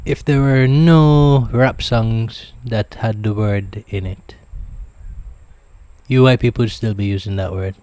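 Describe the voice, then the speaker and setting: A man's voice: on the low side, fairly even intonation, slow, darkish tone. A man from Jamaica hosting a reaction video, giving blunt, teasing commentary on a clip. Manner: blunt, teasing, no-holds-barred.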